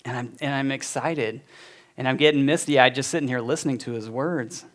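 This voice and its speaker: A man in his forties shares his testimony with his church community, speaking fairly quickly in a mid-range voice. His telling is heartfelt and chatty, with plenty of filler words.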